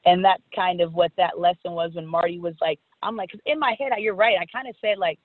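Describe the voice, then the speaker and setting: A woman's voice: mid-range voice, brisk, dry recording. Woman in her thirties on a tinny line. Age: 30s. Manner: animated, acts out past conversations. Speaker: guest, former softball player. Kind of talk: storytelling interview. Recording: tinny phone-like call line, dry.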